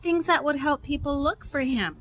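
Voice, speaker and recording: A woman reading a children's novel aloud, expressive and acting out the dialogue. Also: sits high, moderate pace, background noise. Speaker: reader.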